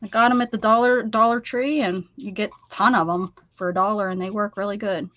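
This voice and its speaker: A woman's voice: mid-range voice, fairly even intonation, brisk, fairly bright tone, no echo, highs cut off. An American woman hosting a craft livestream, chatting casually and teasing while she works, with frequent laughs.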